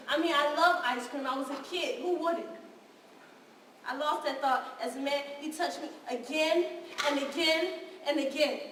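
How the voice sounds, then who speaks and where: A woman's voice: high voice, fairly bright tone, slight background noise. An actress playing a wounded, defiant young woman who confesses to her counselor on a live stage, talking raw and confrontational. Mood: bitter, haunted. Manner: raw and confrontational, with bursts of bitter laughter. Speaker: stage actor. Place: theater stage. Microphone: distant room mic. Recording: echoey hall from far off.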